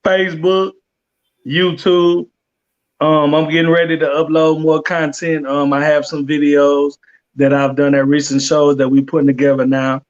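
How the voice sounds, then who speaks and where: A man's voice: a little high, level tone, normal speed. Hesitant man over muffled audio. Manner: hesitant, lots of ums. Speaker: comedian guest. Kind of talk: casual interview answers.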